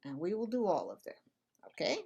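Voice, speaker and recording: A woman's voice: on the low side, sing-song, fairly quick, gravelly, a little mellow, husky. A woman who speaks English as her first language, teaching at a whiteboard, patiently repeating a rule and asking playful questions. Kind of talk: slow, deliberate classroom explanation.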